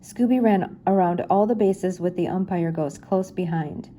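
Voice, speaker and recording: An older woman reading a children's chapter book aloud in a gentle, unhurried storytelling manner. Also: lowish voice, slight background noise. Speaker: reader.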